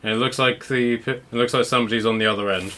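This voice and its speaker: A man's voice: medium pitch, steady tone, fast talker, bright, forceful tone. A man narrating as game master, rambling a little with restarts as he describes the scene. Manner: rambling, many restarts and fillers.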